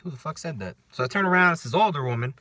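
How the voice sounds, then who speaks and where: A man's voice: a little high, animated, racing, bright, forceful tone, no room sound. A man telling a story in a casual vlog rant, profane and sarcastic. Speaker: vlogger.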